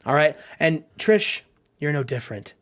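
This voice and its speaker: A man's voice: on the high side, lively intonation, moderate pace, a bit bright, voice pushed down. A man voicing a proud female wrestler cutting a defiant promo in a game playthrough, without much change of voice.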